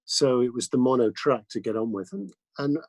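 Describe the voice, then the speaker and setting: A man, a mixing engineer, telling studio anecdotes as a guest in a casual interview, lively and full of restarts. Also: mid-range voice, fairly quick, no room sound, low-quality recording. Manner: animated anecdotes with many restarts and fillers.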